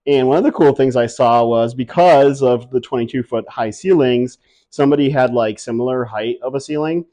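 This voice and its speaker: A man's voice: medium pitch, normal speed, dark tone. A man from upstate New York, a plant hobbyist chatting casually and playfully to his viewers, often joking at his own expense. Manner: playful, self-mocking, rambling. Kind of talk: casual vlog chat. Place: indoors, home with high ceilings.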